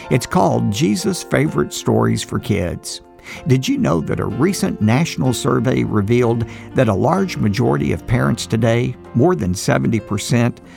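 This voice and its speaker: A man's voice: medium pitch, vocal fry. A man delivering an earnest scripted closing appeal as a radio program host at a studio mic. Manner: earnest, measured. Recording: music bed with guitar.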